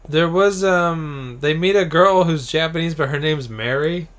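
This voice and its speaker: A young man co-hosting a casual podcast chat, joking and acting out characters in quick bursts. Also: a little high, a bit bright. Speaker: podcast co-host.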